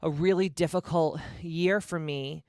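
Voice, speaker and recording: A woman's voice: low voice, fairly even intonation, a little slow, mellow, no room sound, clean studio sound. A woman from Massachusetts in her forties, hosting her own podcast in a candid, blunt, profane solo monologue full of casual fillers. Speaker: podcast host.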